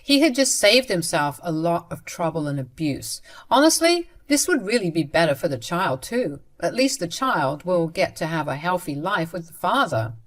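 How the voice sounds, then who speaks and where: A woman's voice: lowish voice, very animated, normal speed, hardly any pauses. A woman narrating a first-person family drama story in a matter-of-fact way, addressing her listeners.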